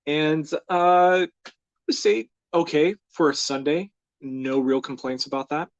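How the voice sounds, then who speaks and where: A man's voice: on the high side, fairly even intonation, measured pace, no echo, muffled recording. A young American man hosting a live drawing stream, chatting in a rambling, easygoing way with lots of fillers and small laughs. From United States. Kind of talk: casual live-stream chat.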